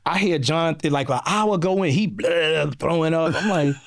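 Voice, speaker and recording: Brief: fifties male podcast guest, expressive raconteur, dry studio voice. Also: on the high side, moderate pace, no echo. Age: 50s. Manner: expressive, acts out quotes, laughs, swears casually. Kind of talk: animated storytelling.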